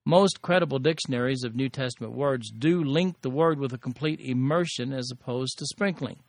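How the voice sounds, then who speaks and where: A man reading scripture aloud and then teaching on it, with measured, deliberate delivery and emphatic stresses. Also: medium pitch, no echo, studio quality. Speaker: Bible teacher.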